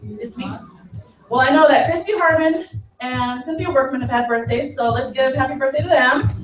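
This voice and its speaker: A woman's voice: sits high, moderate pace. A woman leading a team meeting, upbeat and cheering the group on. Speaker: meeting leader. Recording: roomy far-off mic with music behind.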